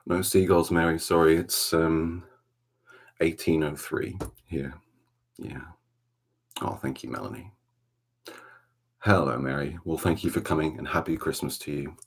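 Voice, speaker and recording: Man, Welsh accent, very low pitch, breathy, relaxed soft-spoken ASMR livestream chat. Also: unhurried, pauses often. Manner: relaxed, chatty, greets viewers by name. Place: dark room at home.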